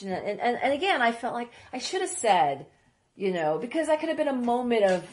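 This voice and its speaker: Animated woman telling rambling stories. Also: a little high. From Iraq. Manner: animated, rambling, quick asides with laughter. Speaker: guest. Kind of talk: casual interview storytelling.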